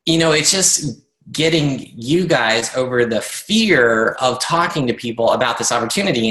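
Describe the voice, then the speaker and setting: Bright-voiced man coaching his team. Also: mid-range voice, roomy sound, poor audio. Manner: earnest, conversational, many fillers and restarts. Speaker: network marketing coach leading a team call. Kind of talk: motivational team call talk.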